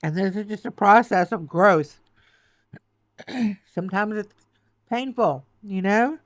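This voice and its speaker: A woman with a medium-pitched voice gives a tarot reading at a slow pace, choked up and tearful as she repeats soothing affirmations. The recording has no echo.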